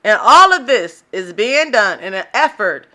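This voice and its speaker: Bright-voiced animated woman podcast host. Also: mid-range voice, measured pace. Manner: animated, preachy, joking, with laughs and African American slang. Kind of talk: casual solo podcast commentary.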